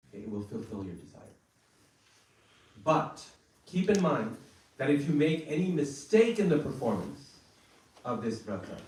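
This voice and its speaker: A man telling a scripture story in a sermon in a temple hall, speaking in a measured, deliberate way. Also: medium pitch, darkish tone, distant mic. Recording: echoey temple hall from afar.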